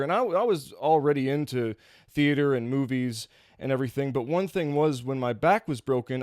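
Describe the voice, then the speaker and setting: A young man from Kentucky tells wrestling stories in a loose, rambling way, laughing often as he goes. His voice sits at an everyday middle pitch. The sound is close and dry, with no room echo. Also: a little mellow. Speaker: podcast guest, former pro wrestler. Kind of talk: casual storytelling chat.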